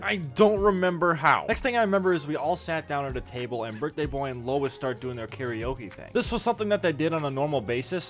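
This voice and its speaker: A man's voice: a little high, fairly bright tone. A man casually telling a funny story from his past, emphatic and laughing often at his own tale. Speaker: gaming YouTuber telling a story. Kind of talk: casual storytime narration over gameplay.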